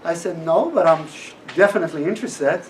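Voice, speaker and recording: A man's voice: on the high side, lively intonation, fairly quick. A middle-aged man gives a personal testimony talk at a class, telling his story with animation and acting out the voices of people he quotes. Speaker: guest speaker at a class. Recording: distant mic with faint room noise.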